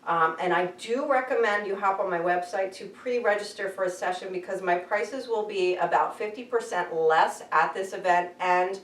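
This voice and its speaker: A woman guest, an animal communicator, telling stories in an animated, chatty way and laughing often. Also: medium pitch, moderate pace, few pauses. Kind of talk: casual storytelling interview. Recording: echoey room, distant mic.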